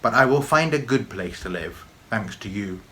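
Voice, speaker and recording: A man's voice: fairly low pitch, expressive, moderate pace, bright, forceful tone. A man voicing a huge, noble old male dragon in a storybook reading, with a growling, solemn delivery.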